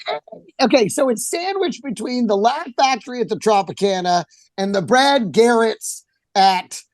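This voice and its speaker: A man, a comedian co-hosting a podcast, telling loud, animated stories full of swearing. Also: sits high, moderate pace, dry recording. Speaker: comedian co-host. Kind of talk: casual chat.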